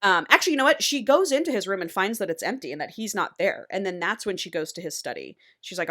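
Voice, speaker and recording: A woman co-hosting a podcast, retelling a novel in an animated, casual way and swearing freely. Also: medium pitch, fast talker, hardly any pauses, no room sound, studio quality. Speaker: podcast co-host. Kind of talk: casual book recap.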